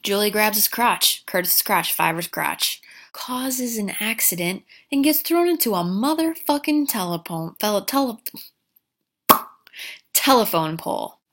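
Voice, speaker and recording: A woman's voice: medium pitch, animated, a little slow, a bit bright. A woman comically recapping a movie plot, full of sarcastic, profane asides.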